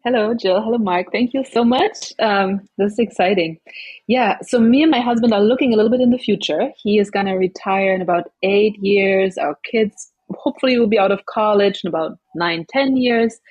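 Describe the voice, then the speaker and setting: A woman's voice: mid-range voice, normal speed, a little mellow, breathy edge, no echo, muffled recording. A woman, calling in to a money show and talking in a friendly, upbeat way. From New York City. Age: 40s. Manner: friendly, upbeat, a little giggly. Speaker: caller. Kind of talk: phone-in conversation.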